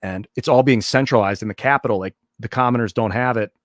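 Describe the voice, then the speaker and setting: A man's voice: medium pitch, fast talker, dry recording, clean studio sound. A man hosting a livestream, telling a long story in a loose, profane, rambling way with many restarts. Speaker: livestream host.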